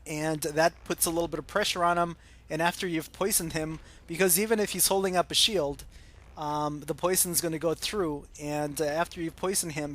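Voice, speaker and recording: An American man hosting a gaming channel, chatting casually through viewer comments and pausing often with ums and uhs. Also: a little high, a bit bright. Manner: hesitant, many ums and uhs.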